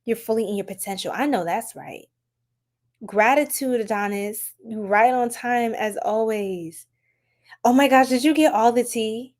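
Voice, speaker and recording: A woman from the United States hosting a casual live-stream tarot reading, chatty and animated, laughing often and talking to her viewers. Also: on the high side, measured pace.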